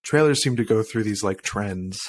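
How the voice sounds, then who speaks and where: A man's voice: fairly low pitch, moderate pace, no echo. Laid-back male co-host. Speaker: podcast co-host. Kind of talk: casual podcast chat.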